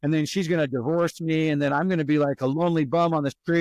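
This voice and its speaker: A man speaking as a guest expert on a podcast. He talks in a lively, storytelling way, acting out anxious inner thoughts to make his points. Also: fairly high pitch, fast, dry recording. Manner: animated storyteller who acts out worried inner monologues. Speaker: guest, resilience expert and author. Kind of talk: conversational podcast interview.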